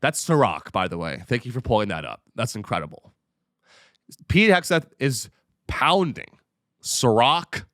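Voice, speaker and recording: Male comedian host, profane sarcastic rant, animated pitch. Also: a little slow, dry recording, clean studio sound. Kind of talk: comedic ranting monologue.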